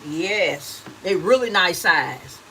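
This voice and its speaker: Bright-voiced middle-aged woman chatting live. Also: fairly low pitch, animated, takes it slowly, a little hiss or hum, rough recording. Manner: chatty and homey, calls viewers honey and baby. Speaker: gift basket seller hosting a livestream. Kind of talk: casual live chat reading viewer comments.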